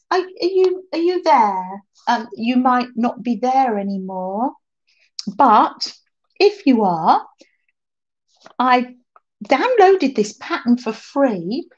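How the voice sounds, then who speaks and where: Chatty woman, slow and lively. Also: high voice, highs cut off. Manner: chatty, reads viewer comments aloud and laughs often. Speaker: craft livestream host. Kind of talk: casual livestream chat.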